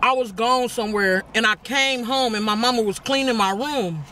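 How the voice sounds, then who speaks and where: A young woman with a bright, forceful voice tells a story in a relaxed, chatty way, calling out to her viewers as y'all and laughing along. She talks between bites of food, sounding like she is sitting in a car. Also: fairly high pitch, moderate pace, a little hiss or hum. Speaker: vlogger host. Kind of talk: casual storytelling while eating.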